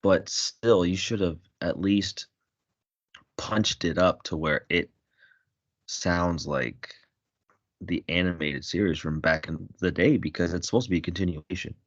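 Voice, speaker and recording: A man's voice: deep voice, measured pace, dry recording. A man co-hosting a casual podcast who rambles with many fillers. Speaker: podcast co-host. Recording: dry, dull lo-fi mic.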